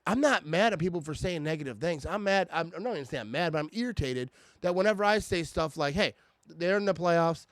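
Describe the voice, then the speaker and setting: A man's voice: a little high, expressive, fast talker, hardly any pauses, dry recording. A man in a casual, irritated fan rant about his team, stammering and restarting often. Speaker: sports fan vlogger.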